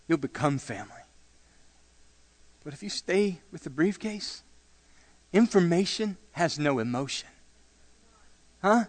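A pastor preaching a sermon in a church, repeating phrases and stretching out words for emphasis. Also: male voice, on the high side. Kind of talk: sermon with testimonies. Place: church sanctuary. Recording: long reverb of a hall.

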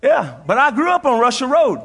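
A man's voice: very high-pitched, very animated, a little fast, sharp tone, breathy edge. A middle-aged man preaching a sermon as a pastor, telling folksy stories with frequent laughter and repeated phrases for emphasis. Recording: long reverb of a large hall.

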